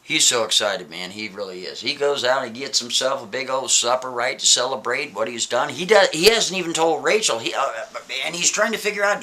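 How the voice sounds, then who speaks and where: Male storyteller, chatty and animated, forceful bright voice, checks in constantly. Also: mid-range voice, brisk, few pauses. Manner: casual, keeps asking "right?". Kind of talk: spooky story narration.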